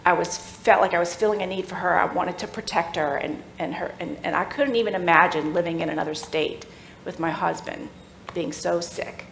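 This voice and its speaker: A middle-aged woman telling a personal faith story at a church workshop, animated and laughing as she acts out the voices of people in the story. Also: on the low side, a little fast, vocal fry, few pauses, slight background noise. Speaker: workshop speaker. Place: church room. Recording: echoey room with faint ambience.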